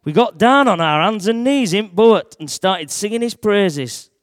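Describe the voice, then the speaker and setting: A man tells a Bible story in the first person, in thick dialect, throwing in shouts at the big moments. His voice sits fairly high for a man, and the sound is close and dry. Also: a little slow, dry recording. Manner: broad dialect, lively, shouts at dramatic moments. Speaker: church storyteller.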